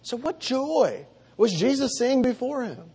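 A man preaching with a high, light voice. He reads scripture aloud and presses his points with earnest, emphatic repetition, dropping quiet and low for the solemn moments. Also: very animated, measured pace, slightly rough. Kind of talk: sermon.

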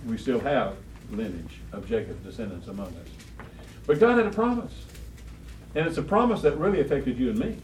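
A man's voice: medium pitch, expressive, fairly quick. A man teaching a Bible study class, quizzing the students and repeating key phrases with emphasis. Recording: roomy, distant, faint room noise.

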